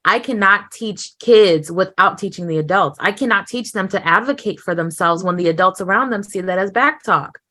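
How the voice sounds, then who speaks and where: A woman's voice: mid-range voice, normal speed, few pauses. A woman in her thirties, an emotional intelligence expert, talking animatedly in an interview and acting out quoted voices. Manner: animated, acts out quoted voices, laughs often. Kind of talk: conversational interview.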